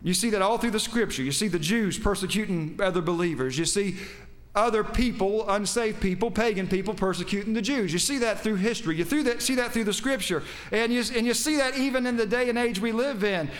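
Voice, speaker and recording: A man's voice: very high voice, fairly bright tone. A man preaching a sermon, quoting scripture with emphasis and putting questions to his congregation. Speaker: pastor.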